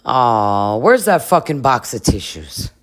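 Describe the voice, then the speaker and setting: A woman's voice: very deep voice, very animated, takes it slowly. A woman casually recapping a reality show in a chatty, gossipy way, with laughing asides. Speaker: recap vlogger.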